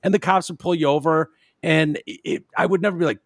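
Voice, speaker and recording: Male podcast host, a bit higher than most, animated with mocking impressions, casual chat. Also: fast talker, dry recording, clean studio sound.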